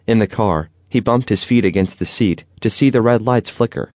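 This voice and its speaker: In an expressive storytelling manner, a man narrates a children's audiobook. His voice is lowish and his pace moderate.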